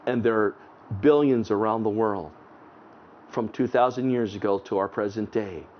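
A man preaching an online sermon outdoors, fervent, swinging between raised exclamations and hushed low tones, reading scripture aloud with emphasis. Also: moderate pace, slight background noise. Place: outdoors in front of a house at sunset. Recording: dull lo-fi recording.

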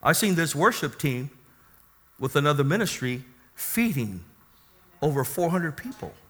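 A man preaching a sermon who calls out to the congregation for amens and swings between quiet teaching and loud, rising exclamations. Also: fairly high pitch, sing-song, measured pace, slight background noise. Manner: call-and-response preaching, asks the congregation for amens.

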